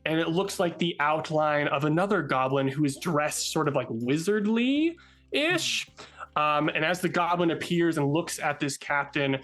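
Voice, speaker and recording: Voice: medium pitch, animated, unhurried, fairly bright tone. A game master narrating a tabletop game casually, with lots of fillers and laughs. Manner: casual, filler-heavy, giggly.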